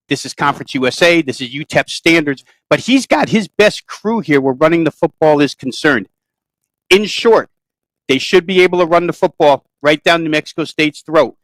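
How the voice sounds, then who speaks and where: A man's voice: on the high side, a bit bright, no room sound, rough recording. A man breaking down games as a sports betting handicapper, thorough and detailed in his analysis. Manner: thorough, detailed, long-winded.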